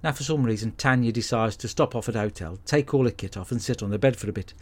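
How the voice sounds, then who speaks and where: A man hosting a podcast, recapping a film in a sweary, deadpan, blokey monologue. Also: medium pitch, fast. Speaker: podcast host. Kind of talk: comic film review monologue.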